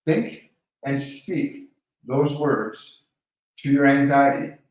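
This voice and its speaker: A man hosting a live question-and-answer stream, calmly coaching viewers by name and guiding them through slow breathing. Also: medium pitch, distant mic. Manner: calm, coaching, speaks directly to viewers by name. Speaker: host of a live Q&A. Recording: very echoey room, voice off-mic.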